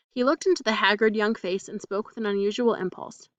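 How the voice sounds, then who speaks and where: A woman reading a mystery story aloud in a steady, even storytelling manner. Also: medium pitch, fairly quick, hardly any pauses, dry recording, distant mic, dull audio. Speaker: audiobook reader.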